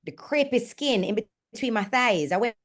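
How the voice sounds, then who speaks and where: A woman's voice: fairly high pitch, lively intonation, normal speed. A Jamaican woman in her forties hosting a candid motivational talk, frank and earnest and speaking bluntly. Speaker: host and fitness coach.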